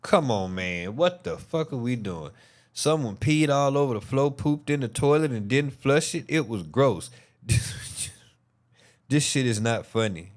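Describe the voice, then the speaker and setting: A man's voice: medium pitch, expressive, a little slow. A tired man hosting a commentary vlog, reacting to trial testimony in a blunt, profane, incredulous way. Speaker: commentary channel host.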